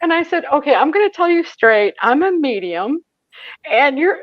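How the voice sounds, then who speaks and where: Lively high-voiced woman telling a story. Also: moderate pace, dry recording, dull audio. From Michigan, USA. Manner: laughs often, acts out quoted voices. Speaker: guest, psychic medium. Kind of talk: animated storytelling in a casual interview.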